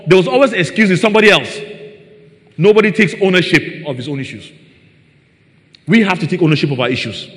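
A man's voice: high voice, expressive, fast, pauses often, a bit bright. A man preaching a sermon, often asking his listeners rhetorical questions. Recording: long reverb in a large hall.

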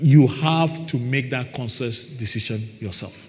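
A man's voice: medium pitch, a little slow, darkish tone. A man preaching a sermon to a congregation, reading scripture and stressing his points with "Praise the Lord" and questions to the listeners. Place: church hall. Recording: long reverb of a hall.

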